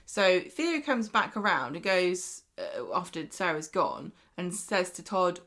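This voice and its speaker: A woman's voice: fairly low pitch, measured pace, few pauses. A woman co-hosting a podcast, chatting casually and acting out the lines she quotes. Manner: lively storyteller who acts out quotes. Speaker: podcast co-host. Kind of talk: casual chat recapping a soap.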